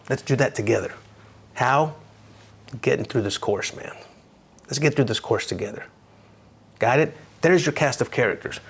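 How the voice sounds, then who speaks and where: An American man lecturing on real estate with punchy, upbeat energy. He talks straight to his students and drives key phrases home by repeating them. His voice sits at an ordinary male pitch.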